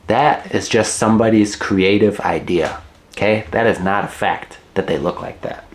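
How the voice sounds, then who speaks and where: A man's voice: on the low side, moderate pace. A middle-aged man teaching English in a casual, joking way, repeating key words and chuckling at his own asides.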